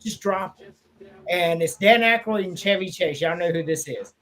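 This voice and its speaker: A sports podcast co-host with a highish male voice and moderate pace chats casually, animatedly retelling comedy scenes, acting out movie quotes, and swearing freely. Slight background noise is audible.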